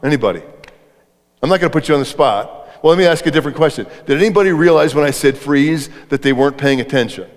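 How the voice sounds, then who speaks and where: A man's voice: on the high side, fast talker. Man giving a talk in a reverberant hall. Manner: conversational, asks the audience questions. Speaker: speaker on leadership. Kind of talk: interactive live talk to an audience. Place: event hall before an audience.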